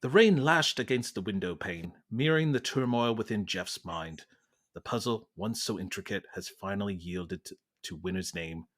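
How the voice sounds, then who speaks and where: A man reading a mystery outro in a put-on British accent, stately and measured. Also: lowish voice, a bit bright, pitched below the performer's own voice. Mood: mock-grand. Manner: stately, storybook narration.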